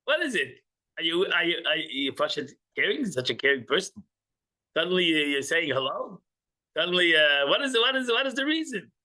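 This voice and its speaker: Bright high-voiced man teaching a class. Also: a little fast, low-quality recording. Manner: animated, joking, acts out little scenes. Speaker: religious teacher. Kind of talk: informal class with audience banter.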